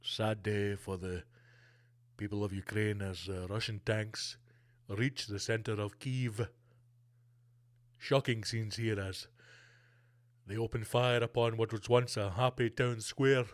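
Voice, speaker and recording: Solemn male field correspondent, done by a man, low and quiet, mock-serious news delivery. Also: fairly even intonation, slow, pauses often, no room sound, studio quality. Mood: grave. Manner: grave, hushed reporting tone.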